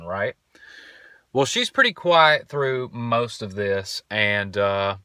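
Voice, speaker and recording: Young male host, loose rambling storyteller, slightly low voice. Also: sharp tone, no room sound, clean studio sound. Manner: laid-back, rambling, swears casually. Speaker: podcast host. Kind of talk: casual storytelling monologue.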